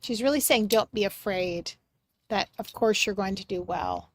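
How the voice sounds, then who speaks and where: A woman giving a live mediumship reading on a livestream, speaking gently and affectionately, sometimes dropping soft and sometimes breaking into excited bursts. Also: mid-range voice, moderate pace, a little hiss or hum. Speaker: psychic medium.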